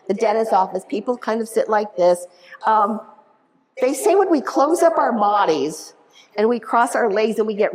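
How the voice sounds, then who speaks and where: A middle-aged woman giving an energetic, animated motivational keynote to a live audience, often asking the room questions. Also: fairly high pitch. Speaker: keynote speaker.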